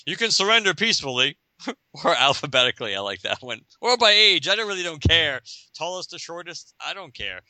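A man's voice: fairly high pitch, very animated, a little fast, sharp tone, no echo, pitched above the performer's own voice, exaggerated voice. A man voicing a cocky, bumbling male alien space cop who bluffs with self-assured bluster.

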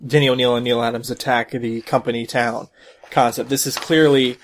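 A man's voice: mid-range voice, flat delivery, a little fast. A man hosting a solo podcast, commenting in a rambling way with many fillers and restarts. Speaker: podcast host.

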